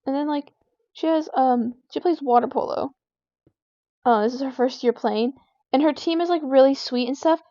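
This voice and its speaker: A woman's voice: sits high, normal speed, mellow, no room sound, highs cut off. A teenage girl venting casually about a friend while playing a game, rambling and exasperated, with constant "like" fillers. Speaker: gaming vlogger.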